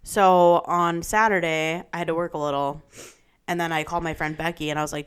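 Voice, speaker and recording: A woman's voice: low voice, fairly even intonation, fairly quick, clear, resonant tone. A woman in her thirties co-hosting a podcast, telling stories casually and acting out what other people said, with plenty of swearing. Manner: profane storyteller who acts out quotes. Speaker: podcast co-host. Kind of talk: casual chat.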